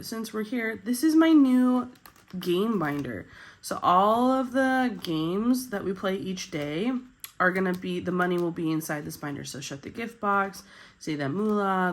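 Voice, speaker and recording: A woman hosting her budgeting channel in casual chat, upbeat and chatty, her voice husky with morning voice and a coming cold. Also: on the low side, pushed and bright.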